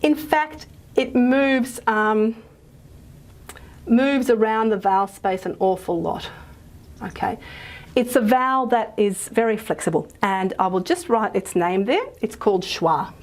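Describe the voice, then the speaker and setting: A woman's voice: fairly high pitch, animated, unhurried, pauses often. Aussie lady teaching a phonetics class, loose and chatty, lots of ums and restarts. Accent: Australian English. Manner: chatty and informal, frequent fillers and self-corrections. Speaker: phonetics lecturer. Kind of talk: recorded lecture.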